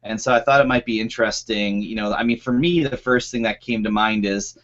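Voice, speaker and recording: A man's voice: on the low side, a little fast, a bit bright, highs cut off. A man hosting a video call panel loosely, with many ums and uhs. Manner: loose, filler-heavy. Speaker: panel host.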